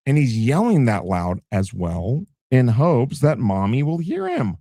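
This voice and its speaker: A man streaming late at night, mocking a clip with crude, animated commentary. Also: medium pitch, unhurried, hardly any pauses.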